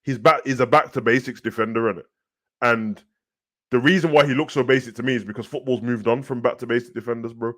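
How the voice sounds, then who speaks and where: Animated slangy Birmingham man. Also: mid-range voice, fast. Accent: Birmingham English. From Birmingham, England. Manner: animated, slangy, repeats "bruv". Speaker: co-host. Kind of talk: casual football chat.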